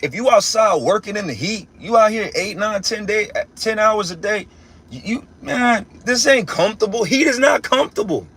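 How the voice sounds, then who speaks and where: A young man with a husky, breathy voice preaches in a loose, talky way, swearing freely and circling back over his own words. His voice sits high for a man, and he presses his points hard. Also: expressive, moderate pace, a bit bright. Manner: emphatic, profane and repetitive, with many restarts. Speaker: religious teacher. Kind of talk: casual spiritual rant.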